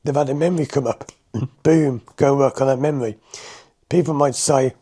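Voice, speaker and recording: Chatty man with a mellow voice. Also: mid-range voice, steady tone, normal speed, breathy edge. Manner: chatty, conversational, laughs often. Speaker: hypnotherapist and driving instructor. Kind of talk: explaining to viewers to camera. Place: a room in his home.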